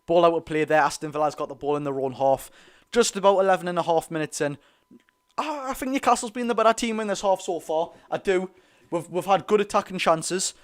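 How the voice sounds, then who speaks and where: A man with a Geordie accent giving excited, rapid live football commentary as host of a fan watch-along, cheering his side on. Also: sits high. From North East England. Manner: talks very fast; animated, cheers players on.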